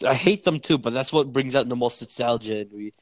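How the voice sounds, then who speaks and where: A man's voice: medium pitch, fairly quick, no room sound. A man with a mid-range voice chats in a laid-back, swearing way. He sounds groggy and slurs his words a little, and the recording is dry and close. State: groggy from a nap, slurring. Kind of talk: casual chat.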